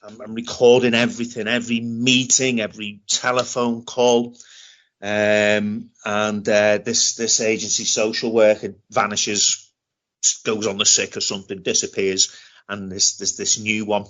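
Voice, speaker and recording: Halting British man on a dull recording. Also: fairly low pitch, level tone, fairly bright tone. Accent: British English. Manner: halting, repeats words and restarts often. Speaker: interview guest. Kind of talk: telling a personal story in conversation.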